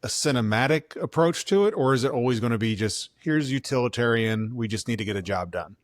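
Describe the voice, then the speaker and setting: A man's voice: medium pitch, animated, fairly quick, dry recording, clean studio sound. A man hosting a podcast, asking casual follow-up questions of his guest. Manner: casual, asks probing questions. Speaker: podcast host, interviewer. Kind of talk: podcast interview.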